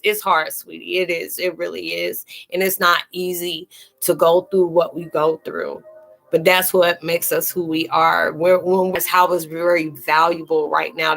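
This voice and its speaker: A woman on a live-stream spiritual chat, her voice pitched a little low and close to tears. She talks earnestly and informally, calls her viewers sweetie and speaks to them by name, over faint music in the background. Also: gravelly, a bit bright, poor audio. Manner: colloquial, fillers and restarts, calls listeners sweetie.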